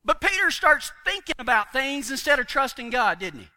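A man's voice: very high voice, sing-song, moderate pace, sharp tone. A man preaching a folksy sermon, telling stories with homespun humor and chuckles.

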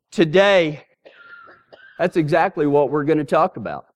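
A man's voice: fairly high pitch, normal speed. A man pastor telling a rambling, folksy story in a sermon, often repeating words as he starts a sentence.

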